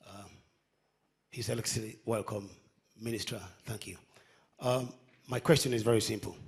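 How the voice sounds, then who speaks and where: A man asking a question from the floor, formal and halting with many fillers. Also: fairly low pitch, fairly even intonation, vocal fry. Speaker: audience member asking a question. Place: conference hall.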